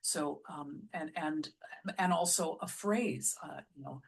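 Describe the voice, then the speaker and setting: A woman who runs a musical theatre company, explaining lyric writing in a casual teaching vlog, patient and often restarting phrases, sounding out example lines slowly. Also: deep voice, creaky, slightly rough. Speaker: musical theatre artistic director.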